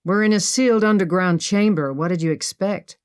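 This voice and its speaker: A woman voicing a sharp-tongued, pessimistic young woman who snaps and speaks with sarcasm, in an audiobook. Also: fairly low pitch, brisk, clear, resonant tone, no room sound, studio quality, natural voice. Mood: sarcastic. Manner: sarcastic, snappish.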